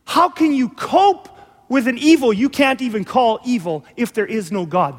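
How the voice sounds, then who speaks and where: High-voiced pastor preaching in a hall. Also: male voice, animated, moderate pace. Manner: impassioned preaching, swings from quiet to loud. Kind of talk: sermon. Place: church.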